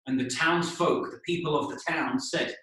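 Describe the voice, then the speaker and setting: A man's voice: a little high, pushed and bright. Echoey, slightly distant male English teacher. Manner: explains slowly, checks in with "okay?", spells out words. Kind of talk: storytelling lesson for learners. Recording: echoey room, voice a bit distant.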